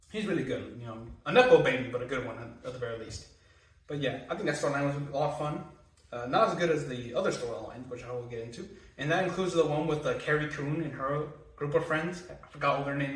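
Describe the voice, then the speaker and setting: A man's voice: a little high, a bit bright, far from the mic. A young man giving a rambling, chatty TV review, swearing and laughing often as he talks. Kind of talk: casual spoken review. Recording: roomy, off-mic sound.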